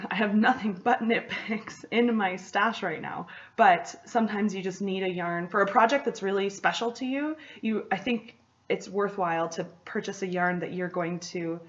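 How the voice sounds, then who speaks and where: A young woman chats casually as a craft podcast host, bubbly and rambling, with laughs slipping in between her asides. Her voice sits at an ordinary middle pitch. The recording sounds a little dull and lo-fi. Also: normal speed. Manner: chatty and excitable, laughs often, rambling asides. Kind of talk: casual chat.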